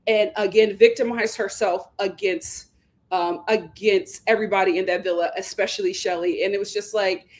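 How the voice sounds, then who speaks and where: A young adult woman hosting a solo commentary on a reality show, talking in an animated, indignant way and breaking into laughter. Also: normal speed. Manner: animated, indignant, laughs and jumps up in pitch when quoting herself. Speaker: commentary channel host.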